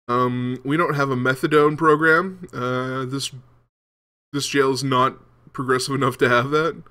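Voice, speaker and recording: A man's voice: mid-range voice, steady tone, a little slow, bright, forceful tone. A young man casually commenting as he plays a game, rambling with many ums and restarts. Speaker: gaming video host. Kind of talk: casual let's-play commentary.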